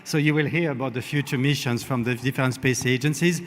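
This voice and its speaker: A man, an event organizer, giving halting logistics announcements on a conference stage, searching for words as he goes. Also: medium pitch. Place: large conference hall. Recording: long hall reverb.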